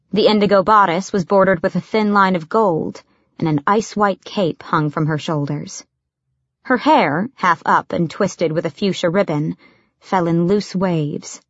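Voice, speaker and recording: A woman narrating an audiobook in a steady, even reading voice. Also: on the low side, no room sound, dull audio.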